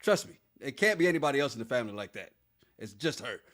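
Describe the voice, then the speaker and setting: A man's voice: mid-range voice, very animated, fast, fairly bright tone. A man co-hosting a podcast in casual chat, laughing often and reading out listener comments. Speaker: podcast co-host.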